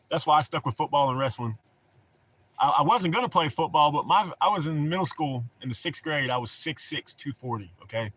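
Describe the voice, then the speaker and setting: A man's voice: on the high side, lively intonation, moderate pace, a bit bright, a little hiss or hum. A middle-aged man with a Southern American accent, chatting casually and telling rambling, profane stories on a stream. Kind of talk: casual chat.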